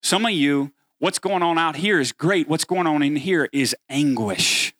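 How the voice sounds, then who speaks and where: A man's voice: fairly high pitch, measured pace, fairly bright tone, dry recording. A man preaching a sermon as pastor, earnest and building to emphatic peaks as he voices the words of scripture.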